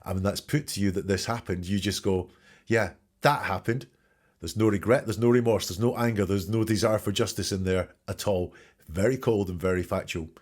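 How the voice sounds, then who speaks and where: A man's voice: on the low side, fairly even intonation, fairly quick, darkish tone. A man hosting a show where he breaks down court testimony in spoken commentary, emphatic and questioning, repeating key words. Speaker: host analyzing trial testimony.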